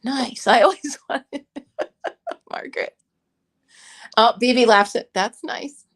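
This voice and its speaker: A woman's voice: sits high, steady tone, a little slow, pauses often, fairly bright tone. A woman hosting a casual crochet club chat, playful and rambling, laughing often. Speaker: host of a crochet club stream.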